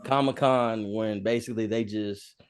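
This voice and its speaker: A man joining a casual movie podcast chat, joking in quick, slangy banter. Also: on the low side, steady tone, clear, resonant tone. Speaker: podcast co-host.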